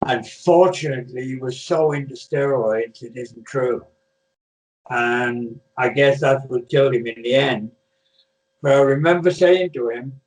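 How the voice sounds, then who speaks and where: A man's voice: medium pitch, a little slow, darkish tone. An older man from Britain, a retired wrestler, telling rambling stories in a casual interview over a video call, full of restarts and fillers. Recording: echoey room, far from mic.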